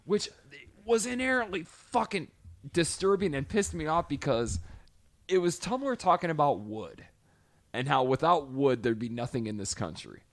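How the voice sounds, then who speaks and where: A young man co-hosting a podcast, chatting casually and profanely about a movie and shouting out lines from it. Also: on the high side, expressive, normal speed. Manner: profane, emphatic, mimics lines loudly. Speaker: podcast co-host. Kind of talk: casual film discussion.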